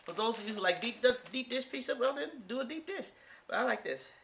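A woman's voice: a little high, lively intonation, fast talker, creaky, noisy background. A woman in her sixties demonstrating a recipe in her home kitchen, talking straight to viewers in a folksy, exclamatory way. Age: 60s. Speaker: home cook. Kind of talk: casual cooking demonstration.

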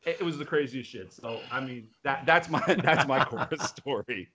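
A man, an opera singer co-hosting a casual video-call chat, telling stories in an animated way with swearing and acted-out quotes. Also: mid-range voice, normal speed, crowd noise. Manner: animated, profane storyteller who acts out quotes.

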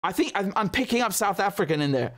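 Guy ranting over news clips, sarcastic and fired up, tripping over his words, slightly higher voice. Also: very animated, quick pace. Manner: indignant, sarcastic, stumbling restarts. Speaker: commentator reacting to news clips. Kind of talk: casual political commentary.

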